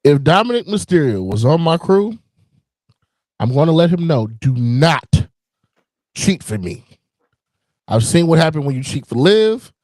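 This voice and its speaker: A man's voice: a little high, sing-song, moderate pace, a little mellow, no room sound. A man co-hosting a casual wrestling podcast, blunt, profane and wisecracking. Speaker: podcast co-host.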